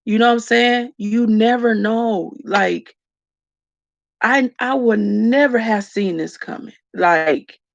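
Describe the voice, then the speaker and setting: Tearful woman talking slow to her viewers, gravelly voice, dry muffled sound. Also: fairly high pitch, no echo. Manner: slow, reflective, addresses viewers as y'all. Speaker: vlogger. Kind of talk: emotional personal talk to viewers.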